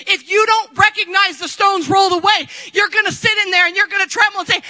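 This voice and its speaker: Middle-aged lady pastor preaching, really high bright voice, gets loud then goes quiet. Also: fast, rough recording. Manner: impassioned, swings between shouting and quiet asides. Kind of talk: sermon.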